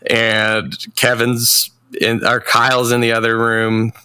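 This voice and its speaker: A man in a relaxed podcast chat, talking at an unhurried, drawn-out pace. His voice is bright and forward. He walks through a movie's plot loosely and irreverently, popping into raised voices for the characters. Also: medium pitch, clean tone. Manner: laid-back and profane. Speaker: podcast co-host. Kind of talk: casual film recap chat.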